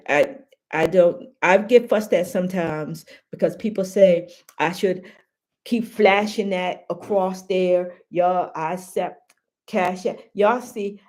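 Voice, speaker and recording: A woman's voice: fairly low pitch, a little mellow. Woman, live-stream host, heartfelt and emphatic, loose casual talk to her viewers, says things twice. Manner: emphatic, repeats phrases, calls viewers baby and y'all; heartfelt, grateful.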